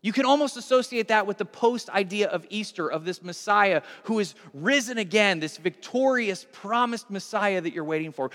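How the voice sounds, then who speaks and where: A male pastor giving a sermon in lively storytelling style, speaking straight to his listeners. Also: high voice. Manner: animated storytelling, addresses listeners directly. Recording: long hall reverb.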